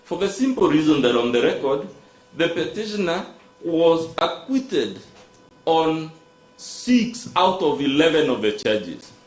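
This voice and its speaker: A man's voice: fairly high pitch, big pitch swings, a little slow. A man with a Kenyan accent, an advocate making a formal, rhetorical courtroom submission and repeatedly addressing the judge. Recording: echoey courtroom audio.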